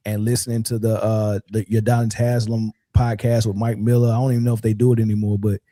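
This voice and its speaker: Mellow-voiced man chatting loosely. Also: lowish voice, flat delivery, quick pace, no echo, clean studio sound. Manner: loose, conversational, filler-heavy. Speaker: podcast co-host. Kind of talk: casual chat.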